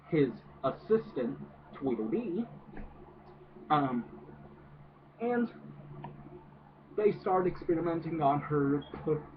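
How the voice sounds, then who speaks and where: Slow, hesitant man ranting through a tinny mic. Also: a little high. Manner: hesitant, many fillers, swears a lot. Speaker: movie reviewer. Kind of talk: casual ranting film review. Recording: distant noisy phone-like audio.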